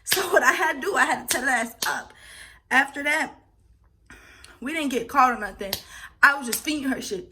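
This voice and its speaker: A young woman vlogger telling a personal story in a casual, animated and profane way, acting out scenes as she goes. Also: sits high, moderate pace, pauses often, breathy edge.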